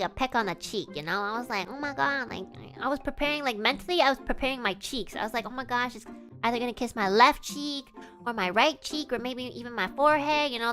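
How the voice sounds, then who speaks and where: Bright, giggly young woman telling a story. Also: a little high. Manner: giggly, animated, full of "like" and "you know". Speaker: streamer. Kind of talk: casual storytelling on a live stream.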